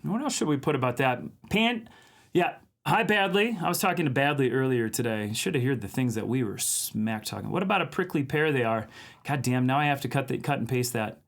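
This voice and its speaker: A man's voice: mid-range voice, brisk. A man from Minnesota hosting a casual art live stream, chatting and laughing with viewers while he draws. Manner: chatty, laughs often, reads chat aloud.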